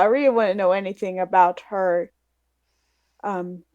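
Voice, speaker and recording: A woman player narrating her character's actions in a tabletop game, soft and hesitant. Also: medium pitch, no room sound.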